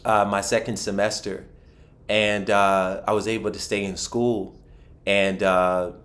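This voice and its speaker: A man from Philadelphia, a podcast guest, telling a personal story in an animated way with frequent restarts and acted-out quotes. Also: fairly low pitch, measured pace.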